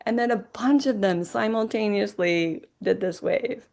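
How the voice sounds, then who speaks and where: A woman sharing quick, laughing memories at a memorial over a video call. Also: mid-range voice, gravelly, darkish tone. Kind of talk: memorial remembrance.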